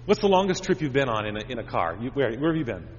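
A pastor with a medium-pitched voice, big pitch swings and a quick pace gives a children's sermon, asking the kids lots of simple questions. The dull recording has slight background noise and a long church reverb.

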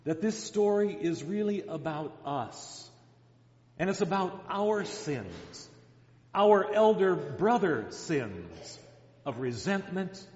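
Man preaching, high voice, slow and deliberate, dramatic storyteller; roomy hall sound, slightly muffled recording. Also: a little mellow. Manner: dramatic storytelling, voicing quoted characters. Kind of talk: sermon. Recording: echoey hall, dull sound.

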